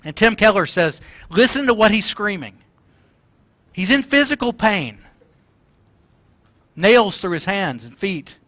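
A man's voice: sits high, very animated, measured pace, long pauses, fairly bright tone, no echo. A man preaching a sermon, passionate and emphatic, at times crying out the words he quotes. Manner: impassioned, crying out quoted lines. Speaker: pastor.

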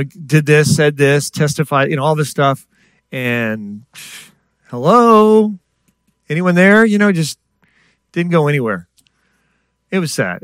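A man's voice: medium pitch, no room sound. A middle-aged man preaching a sermon in a conversational way, with asides and rhetorical questions to the congregation. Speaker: pastor.

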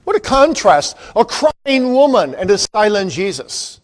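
High-pitched preacher guy, gets loud then drops to a hush, very dramatic. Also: very animated, a little slow. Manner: dramatic, wide swings in loudness and pitch. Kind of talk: sermon.

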